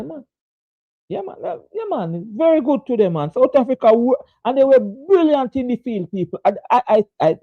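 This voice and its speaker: A man's voice: high-pitched, no room sound. A man hosting a casual live-stream cricket chat, laughing often and repeating phrases. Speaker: sports show host. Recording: dull, dry lo-fi sound.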